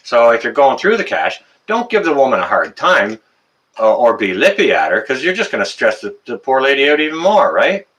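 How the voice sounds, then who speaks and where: A man's voice: mid-range voice, big pitch swings, brisk, fairly bright tone, poor audio. A middle-aged Canadian man with a Canadian accent, hosting a casual live stream and chatting through viewer comments with plenty of fillers. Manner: chatty, rambling, many uh fillers.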